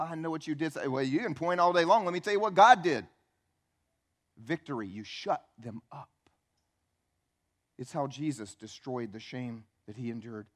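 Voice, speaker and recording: A man preaching a church sermon, swinging between quiet, intimate asides and loud, emphatic peaks. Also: on the high side. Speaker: pastor. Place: church sanctuary.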